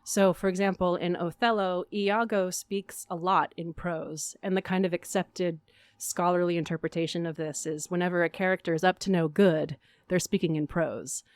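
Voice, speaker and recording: Woman from arizona, actress guest, chatty and upbeat, lowish voice, dry studio sound. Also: steady tone, clear, resonant tone, no echo. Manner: chatty, upbeat, quick to laugh at herself. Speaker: guest, stage actor. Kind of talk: casual interview chat.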